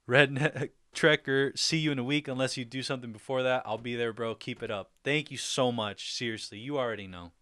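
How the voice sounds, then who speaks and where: A man's voice: medium pitch, normal speed, bright, forceful tone, dry recording, studio quality. A young man hosting a livestream, chatting casually and upbeat, laughing often as he reads out viewer comments. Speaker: livestream host.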